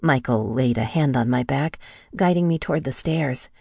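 Woman reading a novel out loud, deep gravelly voice, steady storytelling. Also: moderate pace, no room sound, clean studio sound. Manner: even storytelling read, lightly acting out the heroine's lines. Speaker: audiobook narrator. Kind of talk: first-person novel narration.

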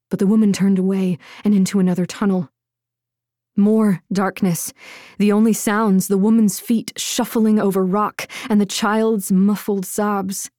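Woman narrator, slow measured storytelling, dry close sound. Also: mid-range voice, mellow, no room sound. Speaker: audiobook narrator. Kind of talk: scripted narration.

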